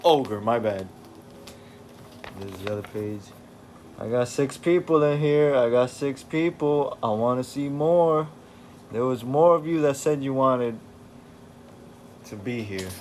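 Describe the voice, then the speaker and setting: A young man chatting casually on a livestream while reading comics aloud, relaxed and slangy. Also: medium pitch, a little slow, pauses often, slight background noise.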